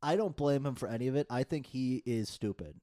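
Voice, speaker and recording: A man's voice: mid-range voice, fairly quick, mellow. Swearing young man. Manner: profane, rambling rants. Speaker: podcast co-host. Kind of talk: casual chat.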